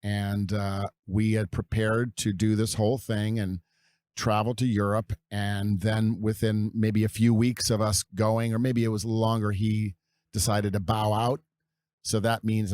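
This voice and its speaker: A man's voice: lowish voice, a little mellow, no room sound. A man in his fifties from California, a podcast guest telling long, meandering stories from his past at an easy pace. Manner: unhurried, meandering storyteller. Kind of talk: reminiscing interview storytelling.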